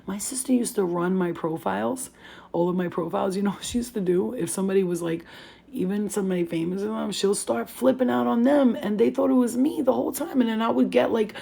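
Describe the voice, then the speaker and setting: Woman, 30s, vlogger; husky voice, loose slangy storytelling full of swearing. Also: medium pitch, quick pace. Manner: animated, slangy, swears freely. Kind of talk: casual storytelling to camera.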